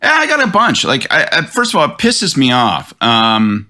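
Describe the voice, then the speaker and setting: A middle-aged man, a political commentator on a podcast panel, in an animated, profane rant. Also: medium pitch, normal speed. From Canada.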